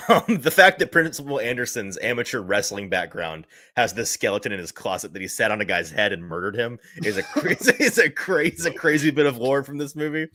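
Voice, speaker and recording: Bright-voiced rambling man, dry sound. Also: medium pitch, expressive, fairly quick, few pauses, dry recording. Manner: rambling, self-interrupting, laughs at his own quotes. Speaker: co-host. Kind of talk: casual chat.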